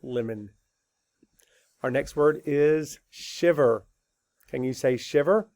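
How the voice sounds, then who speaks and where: Slow, gravelly-voiced male teacher dictating spelling. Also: mid-range voice, darkish tone, no room sound. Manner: slow, deliberate letter-by-letter dictation; patient, asks and answers his own questions. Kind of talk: spelling lesson.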